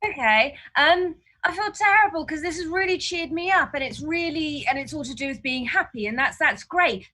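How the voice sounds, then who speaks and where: A woman doing a frank, ranting stand-up set from her flat. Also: high voice, normal speed, hardly any pauses, rough recording. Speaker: stand-up comedian. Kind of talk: stand-up set streamed from home. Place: flat, indoors.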